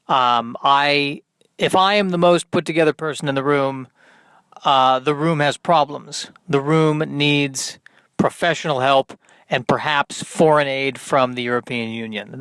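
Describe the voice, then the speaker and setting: Deadpan man with smooth, dry voice. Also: mid-range voice, unhurried, dry recording. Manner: deadpan, self-deprecating, rambling asides. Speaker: podcast host. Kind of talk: solo comedic monologue.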